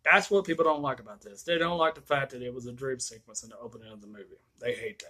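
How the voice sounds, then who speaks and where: A man giving a casual movie review rant, retelling scenes in a profane, excitable way. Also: mid-range voice, fast talker.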